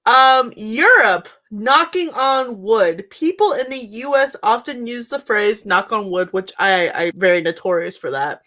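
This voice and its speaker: A woman's voice: a little high, unhurried, hardly any pauses, sharp tone. A woman from Florida co-hosting a podcast, bantering playfully and giggling often. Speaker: podcast co-host. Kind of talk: casual chat.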